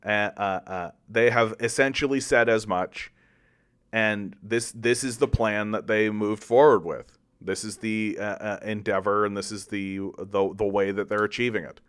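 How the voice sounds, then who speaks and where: A man's voice: fairly even intonation, measured pace, a bit bright, clear, resonant tone. A man hosting a political commentary show, ranting angrily and sarcastically, swearing and restarting his sentences often. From Canada. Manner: angry, profane, with many restarts and repetitions; sarcastic, mocks opponents in exaggerated high voices. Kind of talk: heated political commentary monologue.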